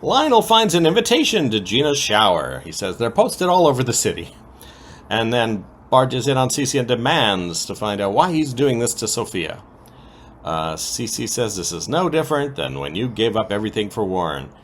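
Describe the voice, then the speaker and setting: A man co-hosting a podcast, recapping soap opera episodes in a casual, animated way with frequent ums. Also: mid-range voice, moderate pace, slight background noise. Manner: lively, animated retelling with many ums.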